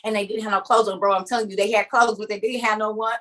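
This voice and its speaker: A woman preaching in a lively, conversational way on a video call. She acts out scenes as she tells them, laughs often and keeps turning to her listeners with emphatic repeats. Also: mid-range voice, moderate pace, pauses often. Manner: emphatic and repetitive, addressing listeners directly. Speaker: speaker leading an online group meeting.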